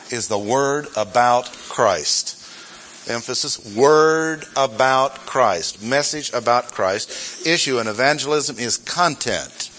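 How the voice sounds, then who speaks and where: A man's voice: mid-range voice, sharp tone, a little hiss or hum. Emphatic preacher, man, repeating key points. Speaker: pastor. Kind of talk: sermon.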